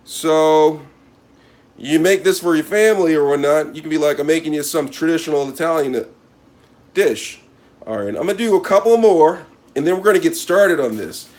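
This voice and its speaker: A man's voice: fairly high pitch, lively intonation, moderate pace, darkish tone. Mock-serious man hosting a cooking video. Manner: mock-serious, repeats a catchphrase, talks to viewers as he works. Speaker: cooking channel host. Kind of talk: casual cooking demonstration to camera.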